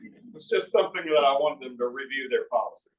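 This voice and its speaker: A man in his sixties, an author at a book talk, speaks fast in a medium-pitched voice. He tells folksy stories full of asides to a live audience in an arts center auditorium, captured from a distance in a roomy hall.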